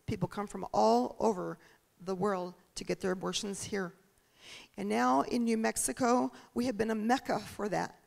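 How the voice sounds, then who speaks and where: Woman, political candidate, gravelly creaky voice, earnest, preacherly town hall speech. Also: medium pitch. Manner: earnest and preacherly, with rhetorical questions.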